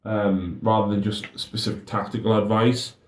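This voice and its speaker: A man's voice: on the low side, flat delivery, normal speed, echoey room. A young man chatting casually as co-host, often stammering and restarting his sentences. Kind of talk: casual chat.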